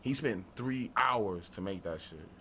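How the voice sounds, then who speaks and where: Telling a story on his casual vlog, a beatmaker and studio vlogger laughs often, swears a lot, and performs other people's lines with animated energy. His voice is on the low side and a little slow, with slight background noise behind it.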